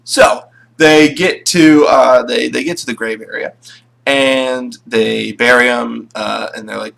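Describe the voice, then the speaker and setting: A man's voice: mid-range voice, measured pace, vocal fry, a bit bright. A man casually recapping his tabletop game sessions, rambling with plenty of fillers. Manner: rambling, full of fillers and restarts.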